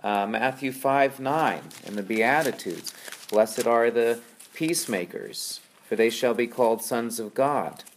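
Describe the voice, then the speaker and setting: Male Bible teacher, casual, chatty delivery with fillers and "right?" checks, mid-range pitch. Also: a little slow, a little hiss or hum. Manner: conversational, with frequent fillers and tag questions.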